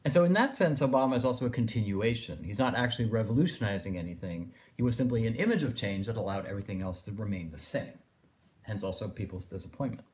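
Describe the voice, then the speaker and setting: A man's voice: fairly low pitch, expressive, fast talker, darkish tone. A man giving a philosophy lecture, thinking aloud and circling his points with phrases like "in a sense". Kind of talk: recorded lecture.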